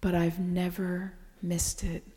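A woman giving a slow, contemplative spoken reflection to a gathering, often dropping to a breathy whisper. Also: on the low side, monotone, dark tone. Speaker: speaker sharing reflections. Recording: long reverb in a hall.

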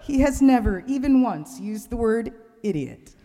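A woman's voice: on the high side, expressive, measured pace, warm tone, big-room sound. A woman delivering a sermon, telling a wry, humorous story in a church. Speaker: preacher.

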